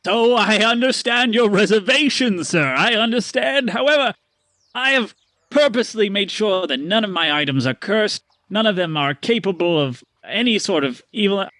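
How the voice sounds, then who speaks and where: A man voicing a boastful showman merchant, with a theatrical sales pitch and drawn-out words, in a tabletop role-play. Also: animated, sharp tone, dry recording. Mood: reassuring.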